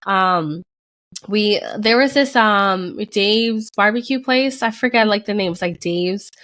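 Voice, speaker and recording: A woman's voice: medium pitch, measured pace, no echo, clean studio sound. A young adult woman co-hosting a podcast, telling a personal story in casual chat and acting out the people in it. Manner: animated storyteller, acts out quoted people. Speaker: podcast co-host.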